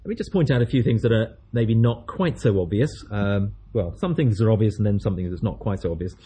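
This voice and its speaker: A man's voice: on the low side, expressive, fast, warm tone, breathy edge. A man preaching a sermon, telling a story in a chatty way and acting out the voices of its people.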